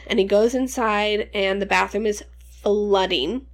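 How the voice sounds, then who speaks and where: A woman's voice: mid-range voice, steady tone, a little slow. A woman in her twenties telling rambling, profane childhood stories in casual podcast chat. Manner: rambling, profane, laughing storyteller. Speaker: podcast co-host.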